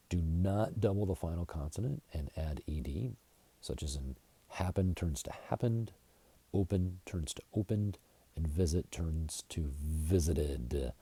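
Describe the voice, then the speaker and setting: An American man teaching an English grammar lesson, going slowly and deliberately and spelling words out letter by letter. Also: low voice, warm tone, husky. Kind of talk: slide-based grammar lesson.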